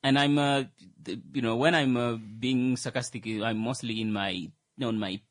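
Man, halting co-host with sarcastic streak, dry studio sound. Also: medium pitch, steady tone, no room sound. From Namibia. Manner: hesitant, many fillers, dry sarcastic humor. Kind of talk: casual discussion.

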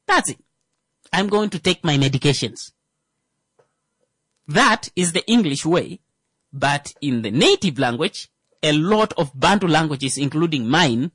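A man's voice: a little high, animated, moderate pace, fairly bright tone, no room sound. A man, a Thimbukushu speaker, talking casually in a rambling, filler-heavy comic monologue. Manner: rambling, many fillers and restarts.

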